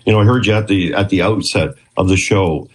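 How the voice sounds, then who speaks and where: Husky-voiced man telling stories. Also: low voice, fairly quick. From Canada. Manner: rambling, chatty, with frequent restarts and acted quotes. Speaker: guest, former clinician who worked with police. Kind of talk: storytelling interview.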